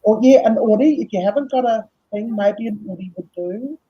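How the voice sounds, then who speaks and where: A tired woman hosting a casual live chat, laughing often and reading out viewers' comments in a husky voice. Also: a little high, a little fast. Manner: chatty, laughs often, reads comments aloud. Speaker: host. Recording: dull lo-fi stream audio.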